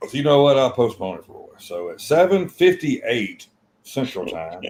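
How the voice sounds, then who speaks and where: A man's voice: mid-range voice, big pitch swings, moderate pace, darkish tone, poor audio. A blunt man co-hosting a live trading stream, chatting casually, swearing freely and retelling stories with quoted lines.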